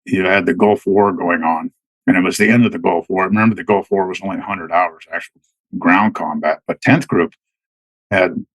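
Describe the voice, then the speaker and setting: A man's voice: deep voice, fairly even intonation, normal speed, dry recording, poor audio. A middle-aged man, a military veteran, telling stories as a podcast guest in a rambling way, full of restarts and fillers. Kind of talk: casual storytelling.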